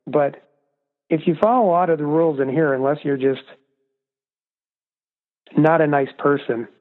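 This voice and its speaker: A man's voice: on the high side, normal speed. A man, a guest author, talking earnestly and emphatically in a casual interview. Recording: distant echoey phone line.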